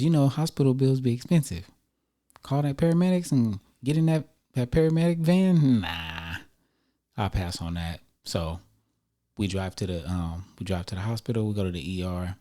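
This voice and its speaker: A man casually telling a personal story to his viewers in a relaxed, slangy, conversational way. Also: deep voice, normal speed.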